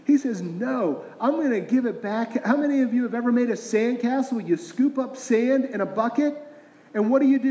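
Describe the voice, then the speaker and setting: A man's voice: very high voice, mellow. A middle-aged man, a pastor, preaching a conversational sermon full of rhetorical questions. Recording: roomy echoing hall.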